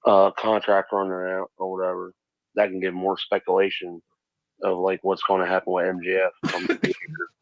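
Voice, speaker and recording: A man hosting a podcast in relaxed, conversational chat. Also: sits low, moderate pace, no room sound. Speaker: podcast host. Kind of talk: casual chat. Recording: slightly dull sound.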